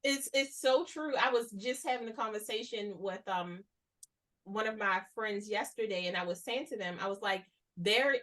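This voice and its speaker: A woman hosting a casual conversation, talking in an animated, slangy way and acting out the voices she quotes. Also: mid-range voice, normal speed. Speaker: host.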